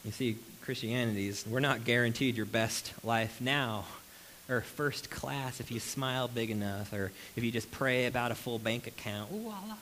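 A male pastor delivers an animated sermon to his congregation, his voice sitting at an ordinary middle pitch. He leans on rhetorical questions and briefly acts out the people he describes. A faint hiss runs under the recording. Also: moderate pace, rough recording. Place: room with a congregation.

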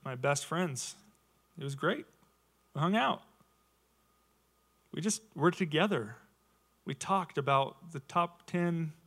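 A man's voice: fairly high pitch, fairly bright tone. A man in his thirties giving a casual, conversational sermon to his church, full of rhetorical questions. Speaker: lay preacher.

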